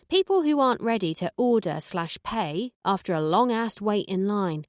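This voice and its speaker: Casting note: woman, mid-pitched, deadpan first-person audiobook reader, very dry close sound. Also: unhurried, dry recording. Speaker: audiobook narrator.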